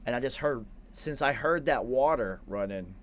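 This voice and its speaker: A man's voice: mid-range voice, normal speed. A man in his forties, a podcast host, telling a long rambling story with lots of swearing and quoted asides. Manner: rambling, profane, animated anecdote with self-quoting. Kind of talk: casual storytelling.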